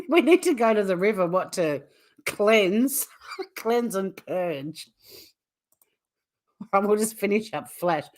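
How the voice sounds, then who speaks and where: A woman's voice: mid-range voice, animated, takes it slowly, pauses often, darkish tone. A woman hosting a casual true crime livestream, blunt and swearing freely, repeatedly breaking into helpless laughter. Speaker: true crime YouTube host.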